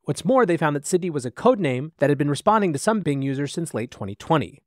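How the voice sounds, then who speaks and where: A male podcast host delivers AI news commentary in brisk, animated storytelling. He talks fast with a lively, rising and falling pitch. The sound is close and dry, with no room echo.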